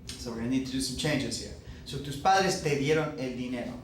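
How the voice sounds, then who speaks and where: A man's voice: mid-range voice, brisk, slight background noise. Patient male Spanish teacher, echoey room. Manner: patient, checks in with "okay" and "right". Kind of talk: explaining grammar at a whiteboard. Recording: echoey classroom, mic at a distance.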